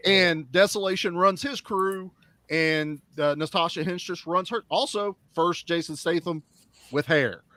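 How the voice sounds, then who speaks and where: A man co-hosting a casual film chat, animated and acting out quotes in funny voices. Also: high voice, unhurried, dry recording. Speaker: podcast co-host.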